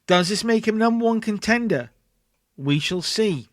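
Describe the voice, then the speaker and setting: Let's-play host, chatty narrator; high voice, dry close recording. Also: male voice, expressive, normal speed, dry recording. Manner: chatty, narrates and acts out scenes. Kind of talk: casual game commentary.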